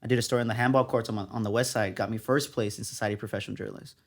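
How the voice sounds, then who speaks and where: Fast-talking young man telling stories. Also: on the low side, creaky. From San Antonio, Texas. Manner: animated, acts out quotes of others. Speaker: guest, journalist. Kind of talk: casual storytelling interview.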